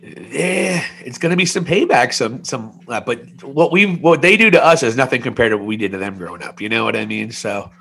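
A man's voice: medium pitch, expressive, a little fast, vocal fry, hardly any pauses, fairly bright tone, slightly rough. A man in his forties co-hosting a podcast, telling a candid, rambling personal story with self-mocking jokes. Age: 40s. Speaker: podcast co-host. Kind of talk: casual podcast chat.

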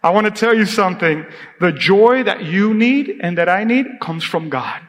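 A man preaching to his church in a high, bright voice. He calls out to the congregation and then drops to a near-hush for emphasis. His voice rings with the long reverb of a church hall. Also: lively intonation, moderate pace. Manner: preaching with call-and-response, drops to a hushed tone for emphasis. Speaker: pastor. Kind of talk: sermon. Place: church sanctuary.

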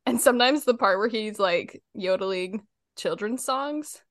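A woman's voice: on the high side, expressive, slow pace, no room sound, studio quality. Chatty young woman, laughs often. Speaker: podcast co-host. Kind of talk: casual chat.

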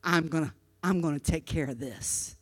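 A woman preacher voicing a gentle, reassuring father who speaks softly and stumbles over his words. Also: sits low, moderate pace, slightly rough, voice pushed down. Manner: hesitant, repeating words.

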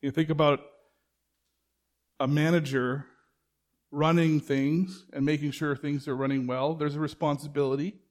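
A man's voice: fairly high pitch, level tone, normal speed, pauses often. A man preaching a sermon in a conversational way, asking the congregation rhetorical questions and acting out bits of dialogue. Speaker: pastor.

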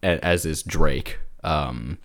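A man co-hosting a casual podcast, talking haltingly with restarts and sudden excited jumps. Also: extremely low pitch. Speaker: podcast co-host. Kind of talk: casual chat.

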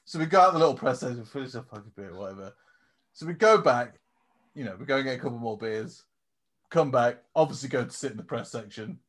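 A man's voice: mid-range voice, expressive, fast talker. A man co-hosting a podcast, telling swearing-laden anecdotes in casual chat and mimicking people with laughter. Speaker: podcast co-host.

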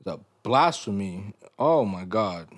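A young man hosting a podcast, telling stories in a loose, animated way full of slang and laughs. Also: lowish voice, takes it slowly, no echo, studio quality. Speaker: podcast host. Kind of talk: casual podcast chat.

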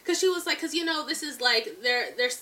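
A woman's voice: high-pitched, expressive, brisk, bright, forceful tone, far from the mic. A woman in her twenties co-hosting a podcast, chatting casually and animatedly, laughing often and saying "like" a lot. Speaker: podcast co-host. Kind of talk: casual chat.

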